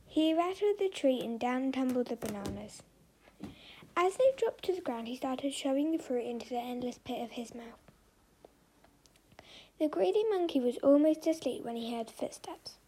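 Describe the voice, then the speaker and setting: Woman, storybook narration, dark voice, slightly high, expressive, hushed at times. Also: normal speed, a little hiss or hum. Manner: expressive, dips to a breathy hush.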